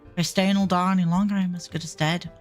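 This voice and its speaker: A woman's voice: lowish voice, steady tone, fast talker, soft background music, lightly acted. A woman voicing a harried male reformer in a put-on Cockney accent, agitated and given to cursing outbursts. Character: harried male reformer fleeing powerful enemies.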